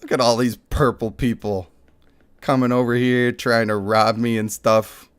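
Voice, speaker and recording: On a game stream, a young man chats casually with his viewers, joking and laughing at himself. His medium-pitched voice is slightly worn and cutting out, fairly even in intonation, a little slow, with a clean tone.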